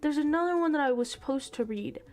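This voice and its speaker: A young woman streamer retelling a story in casual chat, exasperated, animated and swearing freely. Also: high voice, fast talker, soft background music.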